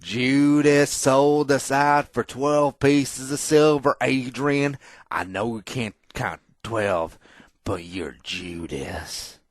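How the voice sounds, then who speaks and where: A man voicing a crude male Vikings fan with an exaggerated put-on Southern US drawl and a loud, sneering delivery. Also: mid-range voice, slow, no echo, studio quality, voice pushed up, close to an everyday voice. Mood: bitter.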